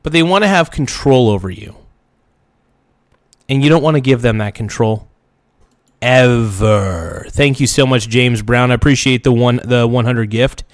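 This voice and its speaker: Man, livestream host, mocking rants, dry close mic, mid pitch. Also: moderate pace, no room sound. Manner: blunt, mocking, rambling asides. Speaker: streamer host. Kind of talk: livestream political commentary.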